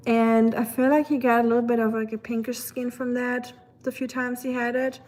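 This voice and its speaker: A woman's voice: a little high, level tone, moderate pace, darkish tone, slight background noise. A woman from Germany with a German accent, chatting casually with viewers on a live stream, full of fillers and reading out their comments.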